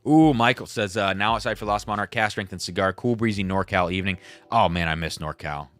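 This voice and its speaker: Low-voiced male stream host, loose and self-deprecating, reading chats over faint background music. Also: a little fast, a bit bright. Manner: rambling, self-deprecating, reads viewer chats aloud. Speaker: livestream host. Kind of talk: casual livestream chat.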